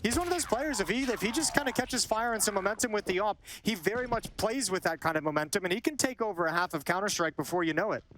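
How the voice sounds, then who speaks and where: Male esports color caster, quick and slightly high, with noise under the broadcast mix. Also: expressive, a bit bright. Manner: quick, chatty analysis with repeated words. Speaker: esports commentator. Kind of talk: analytical color commentary.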